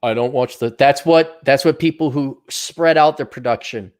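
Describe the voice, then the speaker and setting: A man's voice: mid-range voice, normal speed. A man hosting his own show, ranting in a sarcastic, profane, mocking way. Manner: mocking mimicry of others. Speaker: show host. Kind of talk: livestream rant.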